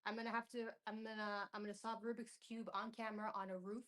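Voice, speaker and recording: A woman's voice: mid-range voice, flat delivery, fast talker, fairly bright tone. A woman hosting her first live stream, nervous and bubbly, chatting to viewers and repeating herself, with some echo from an unattached mic. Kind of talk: casual live stream chat. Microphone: camera or built-in mic, mic not attached. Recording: echoey room sound from a detached mic.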